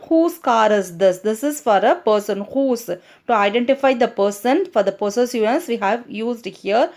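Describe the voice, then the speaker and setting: A woman with an Indian English accent teaches a grammar lesson to children. Her voice sits a little high. She goes over each point more than once and keeps asking the children to look at the examples. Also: a little mellow. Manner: repeats points, addresses children.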